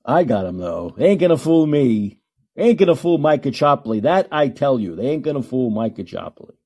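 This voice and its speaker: A man's voice: mid-range voice, big pitch swings, normal speed, a little mellow. A man hosting a call-in podcast, ranting emphatically and repeating himself for effect. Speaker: podcast host.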